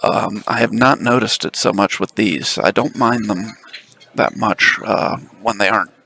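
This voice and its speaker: A man with a gravelly, fry-edged voice commentates a pool match on a headset mic held close to his mouth. He explains the play steadily and patiently, often pausing on fillers. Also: fairly low pitch, sharp tone, slight background noise. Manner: measured, explanatory, reads the chat.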